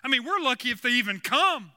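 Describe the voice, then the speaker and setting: A man's voice: very high voice, very animated, quick pace, bright, forceful tone. A man preaching a sermon as pastor, earnest and building to emphatic points.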